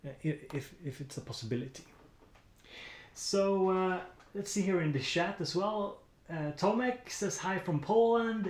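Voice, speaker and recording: A man's voice: fairly high pitch, darkish tone, echoey room. A man with a Swedish accent chatting casually on a music-production live stream, rambling with lots of fillers and restarts while he edits samples. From Sweden.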